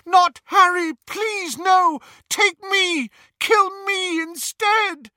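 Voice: very high-pitched, fairly even intonation, drawn-out words, bright, forceful tone, no echo, clean studio sound, pitched above the performer's own voice, full character voice. Lily Potter, a shrieking desperate mother. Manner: frantic, shrieking pleas. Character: desperate young mother pleading for her baby.

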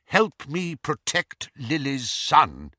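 A man reading an old wizard headmaster in an audiobook, speaking in a measured, cool and deliberate way. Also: on the high side, wildly swooping pitch, bright, forceful tone, husky, no room sound, clean studio sound, voice pushed up, exaggerated voice. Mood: stern. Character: old wizard headmaster, calm, cold, probing.

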